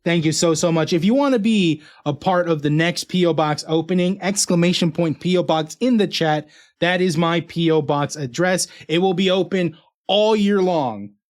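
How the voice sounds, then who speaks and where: A man's voice: fairly high pitch, moderate pace. A male streamer casually chatting with his viewers and his dog while opening fan mail. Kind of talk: casual live-stream chat.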